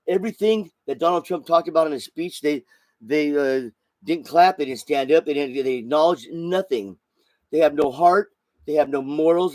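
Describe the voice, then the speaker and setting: A man ranting on his own podcast, his voice sitting a little higher than most men's. He rambles and circles back, full of restarts and profanity. The sound is dry and close, with no room around it. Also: a little mellow, dry recording. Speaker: podcast host. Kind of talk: solo podcast rant.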